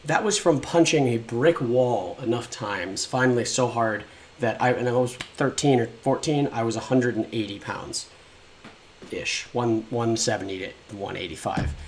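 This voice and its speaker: A man's voice: mid-range voice, a little slow, slight background noise. A young man casually telling his own life story, rambling and frank, swearing often and acting out what people said.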